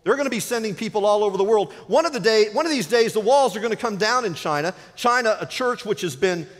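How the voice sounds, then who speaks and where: A man preaching a sermon as pastor, dynamic, often dropping to a hushed low voice for emphasis. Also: expressive, quick pace. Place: church sanctuary. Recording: reverberant church sanctuary.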